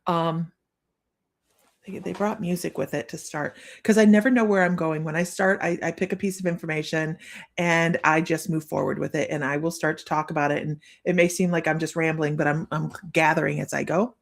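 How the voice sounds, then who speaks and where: A middle-aged woman giving a live-streamed psychic reading, chatty and rambling with many pauses and restarts. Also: deep voice, steady tone, creaky. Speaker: psychic medium.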